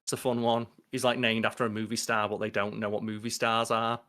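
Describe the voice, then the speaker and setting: A man, co-hosting a casual podcast chat, animated and sweary, acting out lines he quotes. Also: fairly low pitch, a little fast. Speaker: podcast co-host.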